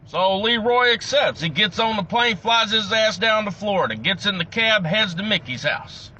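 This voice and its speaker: A man's voice: high-pitched, lively intonation, bright, forceful tone, a little hiss or hum. A man telling a long, crude joke in a casual storytelling way. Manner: profane, drawn-out storytelling. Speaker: joke teller.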